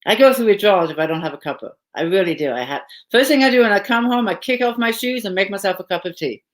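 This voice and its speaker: A woman hosting a casual live video chat, chatty and quick with follow-up questions, heard over a video call. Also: medium pitch, animated. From England. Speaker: host.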